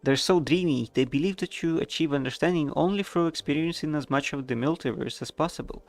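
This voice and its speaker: A man's voice: a little high, fairly quick, faint music behind, lightly acted. A man reading aloud as a sweet, timid, perky young woman in a game, chirpy and apologetic.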